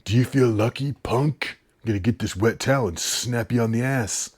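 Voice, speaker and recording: A man doing a gruff tough-guy movie hero. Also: mid-range voice, moderate pace, darkish tone, natural voice. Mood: menacing. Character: gruff tough-guy male pilot, an impression of a film star.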